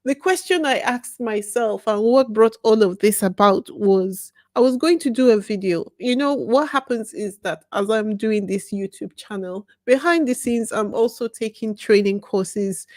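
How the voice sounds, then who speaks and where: Speaking in a mid-range, darkish voice without echo, this woman keeps an unhurried pace yet barely pauses. She hosts her own YouTube channel, and her casual vlog monologue is passionate and emphatic, full of sharp questions aimed at herself.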